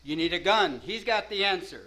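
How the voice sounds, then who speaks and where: A man's voice: high-pitched, lively intonation, fairly quick, sharp tone, poor audio. A man telling a rambling first-person story, peppering it with "you know" and "man" and laughing at himself.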